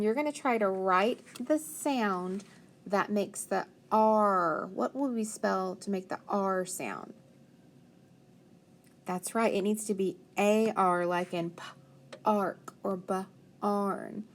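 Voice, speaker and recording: A woman teaching a phonics lesson to young children, slowly sounding out letters and praising each answer. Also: mid-range voice. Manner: slow, encouraging, sounds out letters.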